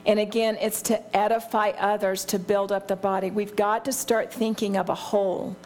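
A woman's voice: medium pitch, flat delivery, normal speed, darkish tone. Candid woman teaching the Bible. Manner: candid and self-deprecating, laughs often.

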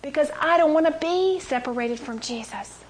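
A woman teaching a sermon, telling stories with animated delivery and dropping into near-whispers for emphasis. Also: high voice, moderate pace. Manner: animated storytelling, acting out quotes, dropping to a whisper. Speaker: Bible teacher. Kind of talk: sermon to a women's audience.

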